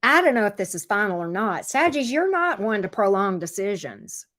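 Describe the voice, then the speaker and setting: A woman's voice: mid-range voice, sing-song, normal speed, a bit bright. A woman giving a casual tarot reading, chatting straight to her viewers, teasing them playfully and repeating her phrases. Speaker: tarot reader.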